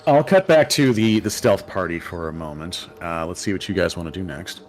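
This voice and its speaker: A man's voice: sits low, a little fast. A man running a tabletop game as game master, narrating hesitantly with many fillers.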